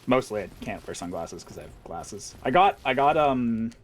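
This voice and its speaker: A man's voice: mid-range voice, big pitch swings, normal speed, a little hiss or hum. A man livestreaming and reading chat, rambling casually with wry, profane humor and lots of fillers.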